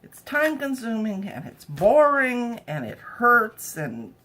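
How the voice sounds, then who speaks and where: A woman's voice: on the high side, big pitch swings, slow, a bit bright. A woman chatting wryly to camera in her home kitchen while she cooks, with jokey asides. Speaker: home cooking vlogger. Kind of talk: casual cooking demo chat.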